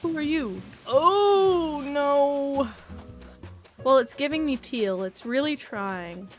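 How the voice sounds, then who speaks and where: Young woman, rambly gaming vlogger, bright higher-pitched voice, casual and chatty. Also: animated, moderate pace, soft background music. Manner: rambling, chatty, repeats silly words. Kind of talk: casual chat while gaming.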